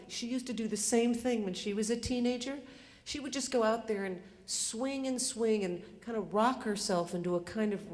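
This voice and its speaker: A woman's voice: mid-range voice, a little mellow. An older woman telling a personal story live on stage, in a conversational, self-mocking way with lots of fillers. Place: theater stage. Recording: live stage recording in a reverberant hall.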